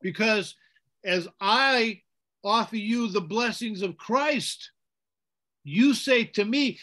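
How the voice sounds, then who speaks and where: A man, a priest, leading an informal Bible study, animated as he chants liturgical phrases and quizzes the group. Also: high voice, slow.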